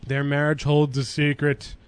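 Uomo conduttore di podcast, voce medio-alta. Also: male voice, fairly high pitch, monotone, measured pace, clean tone, no room sound. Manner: reads aloud with wry asides and frequent laughs. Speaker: podcast host reading a news story. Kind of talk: casual comedic podcast chat.

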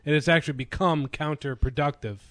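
Man hosting a comedy radio show, voice a bit high, dry close mic, crude and quick. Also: a bit bright, no room sound. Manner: joking, crude, quick storytelling. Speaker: podcast host. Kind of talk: casual comedy radio chat.

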